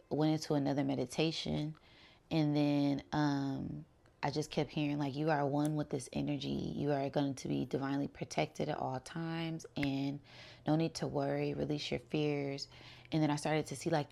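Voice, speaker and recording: A young woman telling a relaxed, chatty spiritual story, full of "um" and "like". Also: sits low, creaky. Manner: relaxed and chatty, many fillers like "um" and "like". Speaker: spiritual channel host.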